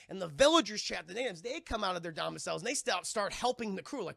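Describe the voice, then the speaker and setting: Gravelly, high-voiced male streamer. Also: no echo, studio quality. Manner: animated, profane, quick voices for characters. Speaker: live streamer and film reviewer. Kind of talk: casual scene-by-scene film retelling.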